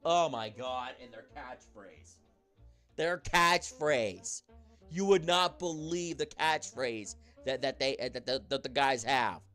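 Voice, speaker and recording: Rambling man ranting at a camera, animated. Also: mid-range voice, slow, faint music behind. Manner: rambling, filler-heavy, swearing. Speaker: YouTuber in a clip. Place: indoors at home, talking to a camera.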